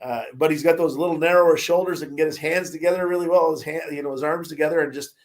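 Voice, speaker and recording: A man's voice: on the high side, steady tone, fast. A man co-hosting a casual sports chat, rambling with lots of fillers and restarts. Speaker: podcast co-host. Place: Caribbean, remote.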